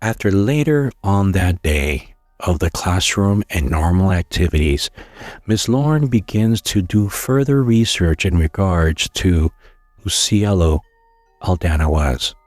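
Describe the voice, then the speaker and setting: A man narrating a scary story in a slow, hushed storytelling manner, with occasional stumbles. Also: sits low, animated, no room sound, soft background music.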